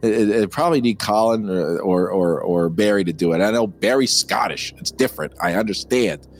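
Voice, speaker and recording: An American man co-hosting a casual film discussion, animated, with frequent hesitant restarts. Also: fairly low pitch, fairly quick, soft background music. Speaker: co-host.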